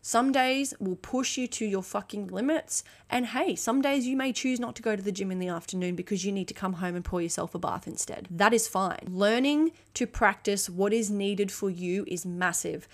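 A woman's voice: medium pitch, moderate pace, hardly any pauses. A woman coach giving a motivational solo podcast talk, blunt and emphatic, swearing freely and checking in with "okay?". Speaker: fitness and mindset coach.

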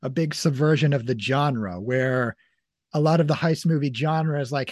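A man's voice: mid-range voice, normal speed, dry recording. A man hosting a movie podcast, chatting casually and rambling with lots of filler words. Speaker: podcast host. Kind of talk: casual movie review chat.

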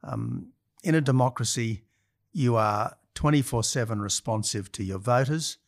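A man in his sixties with an Australian accent, answering as a guest on a podcast interview, measured and listing points one by one. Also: medium pitch, animated. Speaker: interview guest, former head of government.

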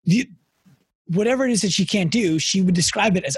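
A man's voice: sits high, expressive, normal speed, long pauses, breathy edge, no echo. A man in his thirties hosting a podcast, chatting casually and telling a story with frequent restarts. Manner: storytelling, repeats words when starting sentences. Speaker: podcast host. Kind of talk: casual interview chat.

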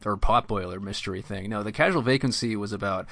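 Blunt low-voiced man, dry close sound. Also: vocal fry, a bit bright, no echo. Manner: blunt, swearing, halting. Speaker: podcast co-host. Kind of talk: casual gaming podcast chat.

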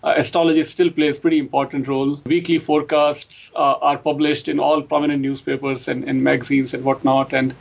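A man's voice: a little high, flat delivery, brisk, creaky, hardly any pauses, dull audio. A man from India with an Indian accent, a guest in a casual conversation, often laughing lightly and repeating yes. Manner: frequent laughs and repeated yeses.

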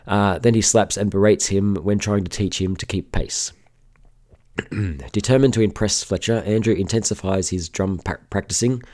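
A man's voice: low voice, dark tone. A man co-hosting a film podcast, reading a plot summary aloud with small stumbles. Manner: reads aloud with small stumbles and throat clearing. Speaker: podcast co-host.

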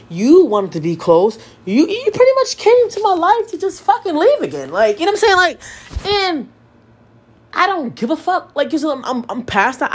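Young woman podcast host, raw profane monologue, lively high voice, slightly husky. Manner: profane, emotional, repeats herself. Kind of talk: candid personal podcast monologue.

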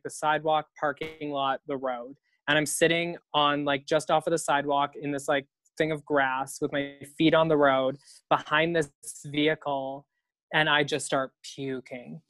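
A man's voice: fairly high pitch, fairly bright tone, dry recording. A young man and drag performer telling a story in casual conversation, swearing freely, laughing often, acting out the voices of the people in it.

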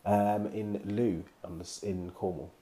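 A man hosting a casual chat, talking in a relaxed, reflective way and asking questions. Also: fairly low pitch, unhurried.

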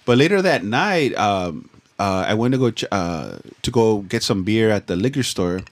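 A man's voice: fairly low pitch, animated, moderate pace. Laid-back swearing man. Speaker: podcast co-host. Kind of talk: casual storytelling chat.

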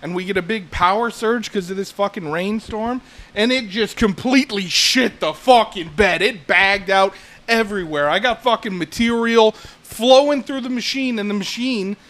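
A man's voice: high voice, moderate pace, a bit bright. A man co-hosting a casual podcast, ranting with constant swearing. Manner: profane ranting, frequent swearing. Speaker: podcast co-host.

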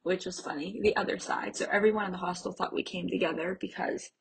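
A woman's voice: fairly low pitch, fairly even intonation, quick pace, poor audio. A young woman from Pennsylvania telling a casual travel story, chatty and full of "like", laughing between thoughts. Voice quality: very breathy, airy voice. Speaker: travel vlogger.

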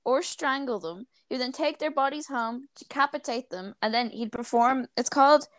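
A woman hosting a podcast, telling true-crime stories in animated casual chat, laughing often and swearing freely. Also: high-pitched, moderate pace. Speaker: podcast host.

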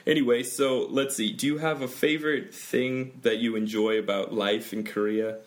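A man's voice: medium pitch, flat delivery, normal speed. A man with an American accent hosting a bilingual podcast lesson, chatting easily and laughing often as he explains pronunciation. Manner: chatty, laughs often, switches between English and Korean. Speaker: podcast host and pronunciation teacher.

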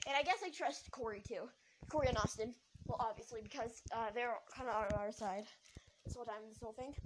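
A woman telling a story in a rambling, excited way, with lots of restarts and asides. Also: a little high, a little fast, background noise. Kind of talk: casual storytelling.

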